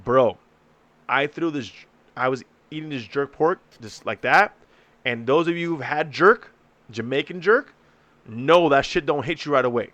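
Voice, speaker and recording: Profane, animated young man hosting podcast. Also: mid-range voice, unhurried, dry recording, dull audio. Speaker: podcast host. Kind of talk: casual chat.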